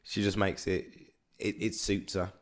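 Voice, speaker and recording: A man's voice: sits low, flat delivery, unhurried. A man with a Birmingham accent co-hosting a casual podcast chat, rambling and repeating words as he thinks. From Birmingham, England. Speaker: podcast co-host.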